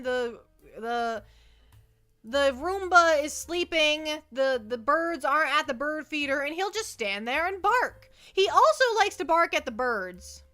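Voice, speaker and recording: Speaking into a close desk mic, a young woman VTuber streamer chats casually on a livestream in a high, bright, forceful voice. She is rambling and self-deprecating, often tripping over words and repeating them.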